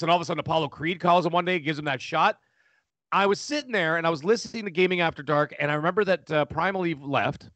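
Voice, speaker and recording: A middle-aged man tells a long personal story as a podcast guest. He talks loudly and animatedly, in a fairly high voice, with frequent restarts. His mic sound is close and dry. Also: no echo. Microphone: studio microphone.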